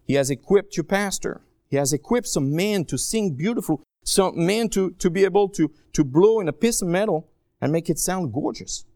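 Guy preaching a sermon, high voice, dry close sound, slows way down on big lines then gets loud and pleading. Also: animated, no room sound. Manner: dramatic, swings between soft asides and raised pleading; slow, drawn-out emphasis on key phrases. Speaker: guest preacher.

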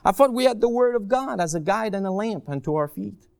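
A man preaching a sermon as a guest preacher, stretching key phrases out slowly and swinging from soft asides to raised, pleading lines. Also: high-pitched, lively intonation, creaky, clean tone, no echo, studio quality. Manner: slow, drawn-out emphasis on key phrases.

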